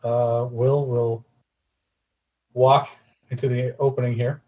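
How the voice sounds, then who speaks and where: A man's voice: medium pitch, level tone, slow, warm tone, lo-fi sound. A man playing in a tabletop game, talking casually and restarting his sentences. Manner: casual, stop-and-start. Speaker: player.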